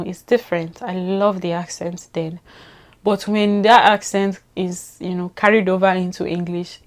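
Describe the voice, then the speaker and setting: Animated Nigerian woman vlogging. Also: medium pitch. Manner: animated, teasing, many rhetorical questions. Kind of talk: casual talk to camera.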